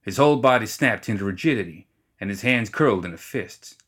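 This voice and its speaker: A man reading fantasy fiction aloud as narrator, in a wry, even storytelling manner. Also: fairly low pitch, a little fast. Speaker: audiobook reader.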